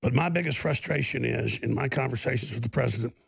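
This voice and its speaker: A man's voice: medium pitch, fast, vocal fry, husky, dry recording. A man hosting a talk show, delivering an emphatic, rambling monologue.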